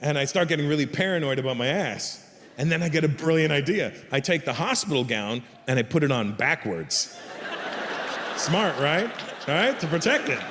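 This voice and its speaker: A man's voice: on the high side, animated, moderate pace, a bit bright. A middle-aged man performing stand-up comedy before an audience, telling a crude, profane story with exasperated asides. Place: live comedy venue with audience. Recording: live hall reverb, faint noise.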